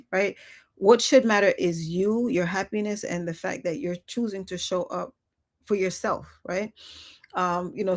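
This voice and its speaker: A woman talking candidly in a reflective personal live stream, often laughing and acting out her own quoted remarks. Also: mid-range voice.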